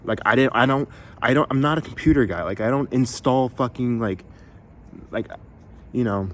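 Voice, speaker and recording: A man's voice: medium pitch, moderate pace. A young man venting in a rambling, exasperated way, full of fillers and swearing, as he talks to his viewers. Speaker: musician vlogger. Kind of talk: frustrated venting to camera.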